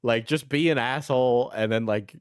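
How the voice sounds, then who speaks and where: Blunt, profane streamer with a dry sound. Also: male voice, mid-range voice, normal speed, clean tone, dry recording. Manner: blunt, profane, laughing often. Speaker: streamer reacting to commentary videos. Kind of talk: live reaction stream, casual chat.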